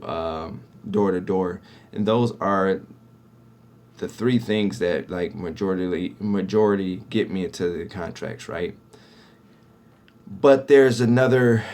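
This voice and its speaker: A business owner who runs a cleaning company teaches sales to other cleaning-company owners, talking casually to viewers about winning contracts. His voice is low and a little mellow. He keeps it conversational and instructional, often checking in with "right?".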